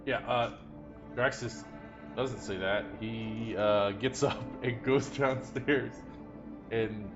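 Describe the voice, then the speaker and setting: A man's voice: fairly low pitch, fairly even intonation, slow pace. A man playing a tabletop game, voicing a meek servant, hesitant and stammering. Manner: hesitant, stammering, laughs a lot. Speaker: player. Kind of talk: tabletop role-play. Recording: lo-fi audio with loud music behind.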